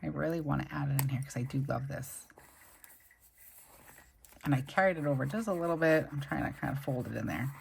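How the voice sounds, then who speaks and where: A young woman hosts a plan-with-me video for her planner channel, chatting casually and gushing over stickers while decorating her planner as she recovers from a migraine. Her voice is extremely low, brisk and creaky, with long pauses and a faint hiss or hum behind it.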